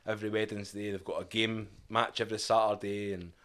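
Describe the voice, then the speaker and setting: A man's voice: on the low side, level tone, a little fast, a bit bright. A Scottish man in his thirties, a podcast guest telling his life story in a candid, reflective way. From Scotland. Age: 30s. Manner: candid, reflective, quotes his past self and family. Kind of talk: casual storytelling interview.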